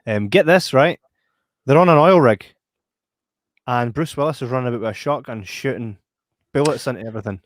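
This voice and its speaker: A man, co-hosting a podcast in casual film review chat, animated and acting out lines. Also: mid-range voice, brisk, long pauses, dry recording, clean studio sound. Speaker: podcast co-host.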